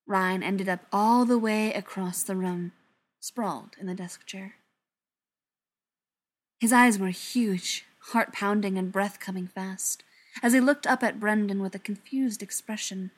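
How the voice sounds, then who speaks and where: Female audiobook narrator: mid pitch, expressive scripted storytelling, occasional near-whispers.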